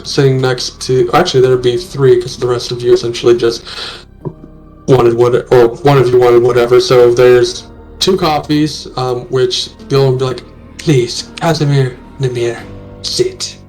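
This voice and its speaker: A man's voice: medium pitch, level tone, moderate pace, darkish tone, soft background music. A man working as game master, narrating a tabletop game with hesitant, filler-laden phrasing.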